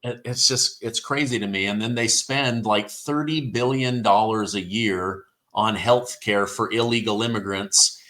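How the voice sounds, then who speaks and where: A man's voice: fairly low pitch, fairly even intonation, measured pace, few pauses, bright, forceful tone. A man hosting a political talk show, speaking with emphatic indignation. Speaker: show host. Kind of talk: casual political chat.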